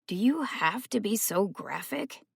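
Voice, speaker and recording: A woman's voice: mid-range voice, expressive, unhurried, gravelly, husky, no room sound, clean studio sound, voice pushed up, exaggerated voice. A woman voicing a meek, nervous young man who speaks weakly and hesitantly in an audiobook. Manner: weak, hesitant.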